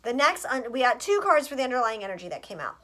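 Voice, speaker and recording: A woman's voice: fairly high pitch, sing-song, quick pace, bright, forceful tone. A woman giving a casual tarot reading for her viewers, chatty and scattered, swearing freely as she talks. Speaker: astrologer and tarot reader.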